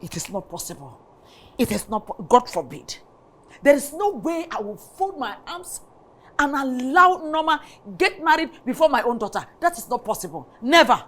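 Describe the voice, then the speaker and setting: An actress playing a scheming, domineering middle-aged mother with a Nigerian accent, indignant and forceful. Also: high voice, sing-song, normal speed, exaggerated voice. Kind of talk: Nollywood film acting.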